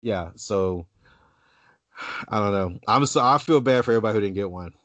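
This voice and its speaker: A man's voice: fairly low pitch, fairly quick, fairly bright tone. A man on a casual podcast, telling a long story with lots of restarts and asides. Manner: rambling storyteller with many restarts. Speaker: podcast co-host. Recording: dull lo-fi dry sound.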